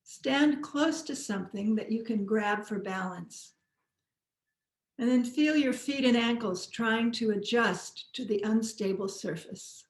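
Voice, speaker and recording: A woman teaching posture and balance, giving calm, encouraging step-by-step movement cues. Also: on the high side, unhurried, roomy sound. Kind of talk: guided movement instruction.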